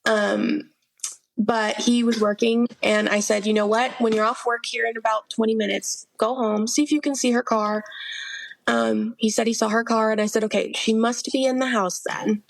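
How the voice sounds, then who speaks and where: Gravelly young woman telling her story. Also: a little high, little pitch movement, normal speed. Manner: earnest storytelling, many fillers like "like" and "um", acting out quoted dialogue. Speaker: podcast guest. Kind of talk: personal testimony in an interview.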